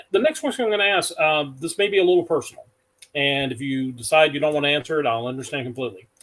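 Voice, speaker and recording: A man moderating a panel discussion. He asks his questions in a careful, measured way. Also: fairly high pitch, a bit bright.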